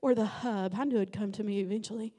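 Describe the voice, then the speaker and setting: A middle-aged woman preaching a Pentecostal sermon in a church, impassioned and rising to shouts. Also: medium pitch, steady tone, fast talker. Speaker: guest preacher. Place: church sanctuary.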